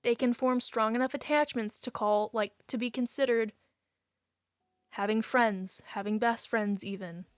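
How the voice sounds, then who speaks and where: A young woman with a somewhat high voice chats casually on a live stream, reading viewer messages and reacting with open emotion. The sound is dry and close, with faint music playing softly behind her. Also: steady tone, dry recording. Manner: emotional, chatty, quick to say she will cry.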